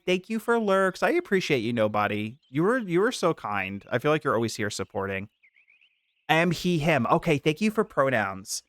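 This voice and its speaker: A man streaming a game, chatting casually with viewers in an animated, giggly way. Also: a little high, normal speed, dry recording.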